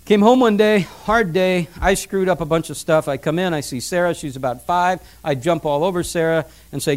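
Middle-aged guy preaching, pretty high voice, tells stories about his kids, repeats stuff for emphasis. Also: moderate pace, hardly any pauses. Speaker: pastor. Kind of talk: sermon on parenting.

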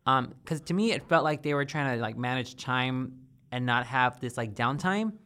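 Bright-voiced man rambling candidly. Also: medium pitch, normal speed, clear, resonant tone. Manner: rambling, candid, swears casually. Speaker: podcast co-host. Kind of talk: casual chat.

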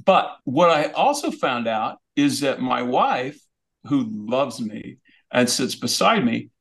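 Guest comedian, man, gravelly voice, lively comic delivery. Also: medium pitch, slow. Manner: comic, animated storytelling. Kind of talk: storytelling chat.

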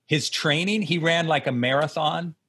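A man's voice: fairly high pitch, moderate pace, breathy edge. A man hosting a podcast, rambling casually as he tells stories and asks questions. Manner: rambling, animated storytelling. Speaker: podcast host. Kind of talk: casual interview.

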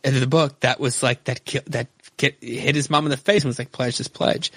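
A man's voice: mid-range voice, fairly even intonation, brisk, a bit bright, husky, dry recording. A man on a casual podcast chat, retelling a story with animation and plenty of swearing, recorded close to the mic. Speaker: podcast co-host.

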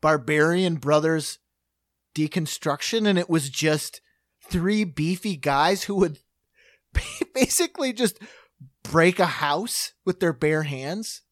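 Man, high voice, podcast co-host, eager storyteller, dry close mic. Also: expressive, slow, dry recording. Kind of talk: casual chat.

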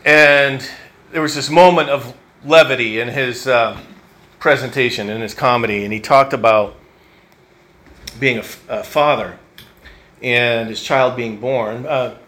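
A man's voice: mid-range voice, a little slow, pushed and bright. A man preaching a sermon in a church, in a conversational, reflective way that thinks aloud with fillers and restarts. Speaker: pastor.

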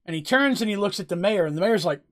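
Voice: mid-range voice, lively intonation, fast, fairly bright tone. A game master casually narrating and answering questions during a tabletop game. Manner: casual, chatty, asks "right?" often.

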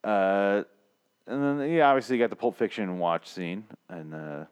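A man's voice: on the low side, animated, moderate pace, smooth, muffled recording. A man co-hosting a casual movie-review podcast, swearing freely, rambling and laughing often. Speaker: podcast co-host.

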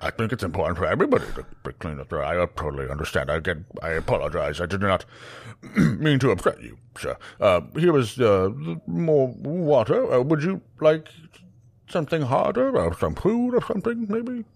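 A man's voice: mid-range voice, very animated, normal speed, creaky, dry recording. A man voicing a nervous, overly polite male bartender who stammers through every sentence in an improvised tabletop game. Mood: apologetic. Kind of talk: improvised tabletop role-play.

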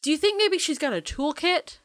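A woman's voice: high voice, expressive, fairly quick, a bit bright, no echo, studio quality. A woman co-hosting a podcast, chatting casually and playfully about a movie with an analytical bent. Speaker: podcast co-host.

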